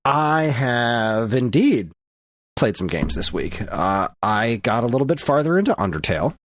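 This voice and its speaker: A man's voice: fairly low pitch, big pitch swings, a little fast, a little hiss or hum. A man co-hosting a podcast, chatting casually and in a distracted, self-deprecating way. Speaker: podcast co-host. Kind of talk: casual chat.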